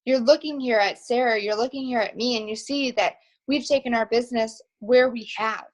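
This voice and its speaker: Excited young woman on a video call. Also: on the high side, normal speed, highs cut off. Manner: excited, emphatic, rambling storytelling. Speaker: team leader hosting a call. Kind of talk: motivational team call.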